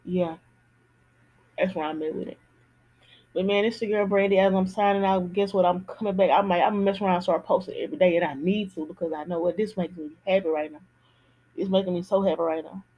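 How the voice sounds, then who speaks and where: A woman's voice: lowish voice, fairly even intonation, quick pace, muffled recording. A woman hosting a podcast, talking candidly in a casual personal monologue and repeating phrases for emphasis. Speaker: podcast host.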